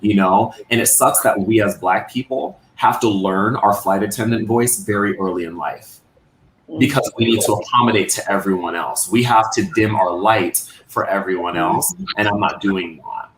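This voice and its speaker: Man, low-ish voice, blunt and passionate, cusses freely, recorded in an echoey room. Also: normal speed, a little hiss or hum. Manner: loud, passionate and cussing. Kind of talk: candid group podcast chat.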